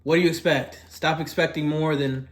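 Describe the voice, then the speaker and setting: Rambling young man with a fairly high voice. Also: fairly even intonation, moderate pace. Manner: rambling, filler-heavy, drifting softer and louder; eats while talking. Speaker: food vlogger. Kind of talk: casual eating vlog.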